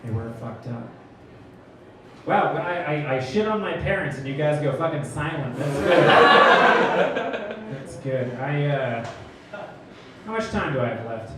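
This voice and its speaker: A man's voice: on the high side, a little slow, pauses often, heavy background noise. A young man doing a stand-up comedy set, telling stories animatedly and acting out characters. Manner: animated storytelling, acts out characters. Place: comedy club stage before a laughing crowd. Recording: distant roomy club recording, crowd laughter.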